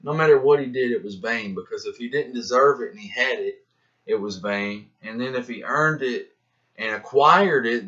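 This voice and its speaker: Rambling, profane man on lo-fi audio. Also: medium pitch. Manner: profane, slangy, animated, acts out inner voices. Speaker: rapper musing to camera. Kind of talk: rambling philosophical monologue. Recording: dull lo-fi sound.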